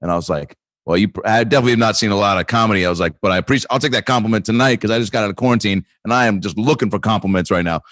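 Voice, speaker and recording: A man's voice: on the low side, very fast, hardly any pauses, fairly bright tone, no room sound, clean studio sound. A man on a comedy podcast telling a long rambling story with lots of fillers and restarts, often breaking into laughter. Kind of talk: casual chat, storytelling.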